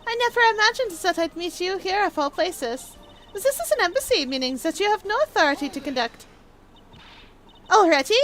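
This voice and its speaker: A woman voicing a proud, sharp-tongued young female prosecutor with an imperious, snappish delivery for a video game reading. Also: very high-pitched, animated, normal speed, pitched above the performer's own voice.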